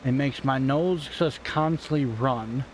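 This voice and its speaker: A man talking loosely and offhandedly into a home desk mic as he plays a game. His pitch is ordinary for a man, and his talk drifts from topic to topic with the odd swear word. A faint noise runs underneath. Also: a little slow, rough recording. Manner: rambling, offhand and self-deprecating, swears casually. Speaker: gaming channel host. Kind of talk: casual gameplay commentary. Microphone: desk microphone at home.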